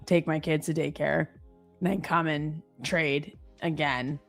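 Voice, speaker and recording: A young woman chatting casually on a trading stream, her voice sitting a little low. She rambles in a jokey way and peppers her sentences with "like". Faint music plays in the background. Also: steady tone, takes it slowly. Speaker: trader co-host on a live stream. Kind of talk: casual chat.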